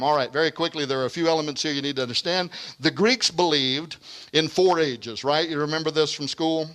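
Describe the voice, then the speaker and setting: A man delivers a lecture in a bright, ringing voice pitched a little high. He stresses his points dramatically and slips in rapid asides. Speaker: speaker giving a lecture. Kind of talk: lecture with read-aloud quotations.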